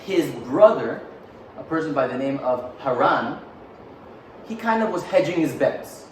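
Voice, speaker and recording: A man's voice: on the high side, lively intonation, measured pace, slight background noise. A man telling a story in a casual, joking way, with frequent fillers and offhand asides. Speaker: teacher. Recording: roomy echo, mic far off, faint ambience.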